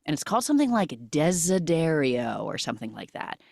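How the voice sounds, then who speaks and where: Lively, low-voiced woman recapping a film. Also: fairly quick, creaky, dry recording, clean studio sound. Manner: animated storytelling with frequent "like" fillers. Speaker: podcast host.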